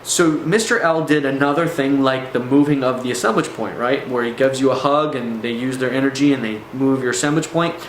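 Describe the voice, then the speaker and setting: A man's voice: medium pitch, steady tone, brisk, few pauses. A man telling a personal story in a casual, rambling way, with fillers and restarts. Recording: echoey room, faint background noise.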